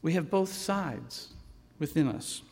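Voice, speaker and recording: Male preacher, storytelling sermon, high voice, unhurried delivery. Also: vocal fry, slightly rough. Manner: slow, expressive storytelling. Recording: long hall reverb.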